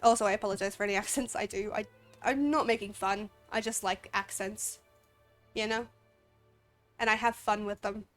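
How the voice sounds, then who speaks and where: A woman's voice: mid-range voice, fairly even intonation, normal speed, pauses often. A woman with an Australian accent chatting casually while streaming a game, sniffly and a bit drowsy, rambling and laughing often. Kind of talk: casual gameplay commentary. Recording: faint game music behind.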